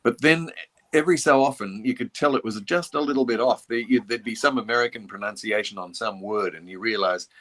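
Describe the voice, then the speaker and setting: An older Australian man, a voice actor, telling stories in a relaxed interview with reflective, restarting speech. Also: mid-range voice, brisk. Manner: reflective and anecdotal, with frequent restarts. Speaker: voice actor guest. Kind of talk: casual interview chat.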